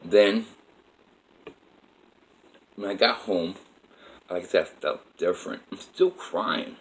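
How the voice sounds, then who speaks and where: A man's voice: sits low, slow, rough recording. A man telling a personal story in a rambling, repetitive way with many "like" fillers.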